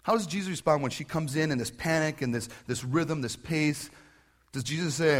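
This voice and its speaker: A man preaching a sermon in a conversational, animated way, full of questions. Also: fairly high pitch, normal speed. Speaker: pastor.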